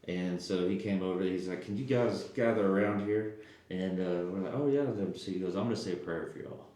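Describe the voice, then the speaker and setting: A man's voice: sits low, fast. A man from Texas, a podcast guest telling stories casually and acting out quotes. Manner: animated, acts out quotes, stumbles and restarts. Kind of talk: casual storytelling. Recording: very echoey room.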